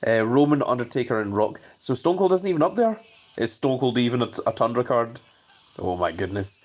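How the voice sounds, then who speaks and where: A man's voice: medium pitch, expressive, a little fast, soft background music. A man hosting a live stream, chatting casually and reading viewer messages aloud.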